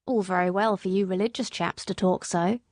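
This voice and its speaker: A woman's voice: mid-range voice, fairly even intonation, a little fast, a little mellow, no room sound, clean studio sound, lightly acted. A woman reading an audiobook, voicing a cynical male cab driver with a dismissive, scoffing manner.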